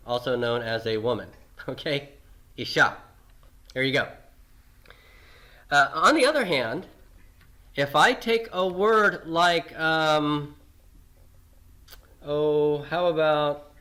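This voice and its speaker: Male teacher, unhurried delivery, bright clear tone, patient lecturing style with frequent check-ins. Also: on the high side. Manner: patient and repetitive, checking in with "okay?"; lots of fillers and restarts, slowing on key terms. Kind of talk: recorded classroom lecture.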